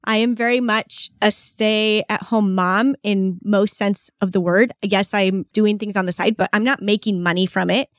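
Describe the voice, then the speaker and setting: A woman's voice: medium pitch, fairly even intonation, measured pace, few pauses, dry recording. Chatty woman with a dry close sound. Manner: chatty, laughs often, uses "like" a lot. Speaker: podcast co-host. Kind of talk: casual chat.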